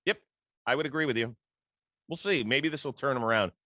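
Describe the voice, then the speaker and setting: A man's voice: medium pitch, brisk, sharp tone, no room sound. A man hosting a casual sports talk show, chatting easily and telling stories from his early career as a reporter. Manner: conversational, storytelling, laughs easily. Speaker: podcast host.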